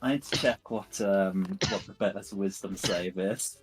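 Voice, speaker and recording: A man narrating as dungeon master, measured and descriptive, thinking aloud between rulings. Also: low voice, faint music behind. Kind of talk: narrating a tabletop game.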